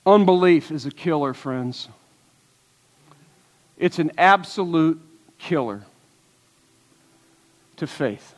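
Male pastor, high voice, earnest storytelling sermon, recorded in a church sanctuary with a long reverb tail. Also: takes it slowly, long pauses. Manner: earnest, storytelling preacher with rhetorical questions.

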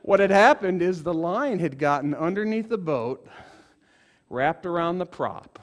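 Man, high voice, animated storytelling preacher. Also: measured pace. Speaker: pastor. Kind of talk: sermon with storytelling.

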